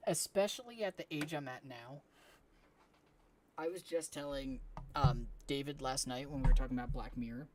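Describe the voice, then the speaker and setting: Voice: mid-range voice, moderate pace, background noise. A young adult streamer chatting casually during a game stream, rambling with lots of "like" and blunt swearing. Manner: rambling, heavy use of "like", frank swearing.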